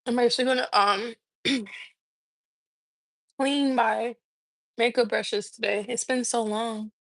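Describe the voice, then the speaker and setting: A young woman hosts a relaxed morning live stream from her home kitchen, chatting, laughing and telling stories between bites. Her fairly high voice stays steady and unhurried. She records on a phone mic, and there's no echo.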